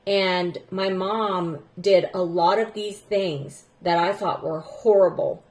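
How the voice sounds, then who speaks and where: A woman in her thirties, a teacher, telling a personal story in an earnest, rambling way that often sinks to a soft, low voice. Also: steady tone, takes it slowly. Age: 30s.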